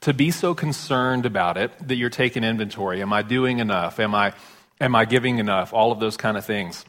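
A male pastor giving a sermon in a conversational storytelling way, turning soft and tender when serious. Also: on the low side, a little fast. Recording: long reverb of a large hall.

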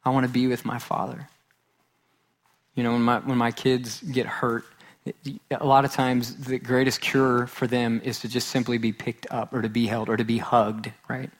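A man's voice: medium pitch, flat delivery, moderate pace. A man in his thirties preaching a sermon in an earnest way, repeating phrases for emphasis. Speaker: pastor.

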